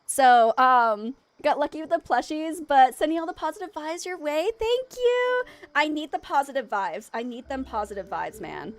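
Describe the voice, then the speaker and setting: Very high-voiced bubbly woman streamer. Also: normal speed, few pauses. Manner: bubbly and excitable, laughs often. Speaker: variety streamer. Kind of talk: live game stream chat.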